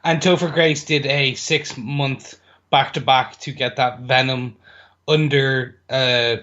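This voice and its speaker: A man co-hosting a film review podcast, running briskly through a list of trivia with fillers. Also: mid-range voice, fairly even intonation, sharp tone. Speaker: podcast co-host. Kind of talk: casual film trivia rundown. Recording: dull lo-fi sound.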